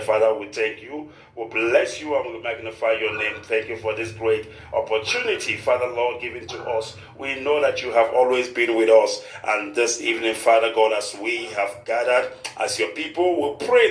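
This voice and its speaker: Heard in an echoey room on a low-quality recording, a man with a lowish voice hosts a live radio program. He is formal and repetitive, frequently saying "of course," and offers a brief prayer.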